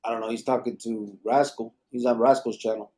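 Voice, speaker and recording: Man in his 40s, podcast co-host, casual chat, easygoing, quick quips, middle pitch. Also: steady tone, darkish tone, slightly rough. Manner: easygoing, reads out viewer comments with quips.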